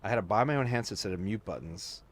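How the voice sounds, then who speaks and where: Here's a man with a fairly low voice and a quick pace. On a podcast as a guest, he's an animated storyteller, chatting casually through long stories full of "like" fillers and quoted voices.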